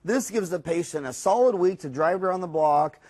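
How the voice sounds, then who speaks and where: A man, a dentist, giving a recorded lecture in a rambling, animated storytelling way, with many fillers and restarts. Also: high voice, moderate pace. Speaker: dentist teaching a course.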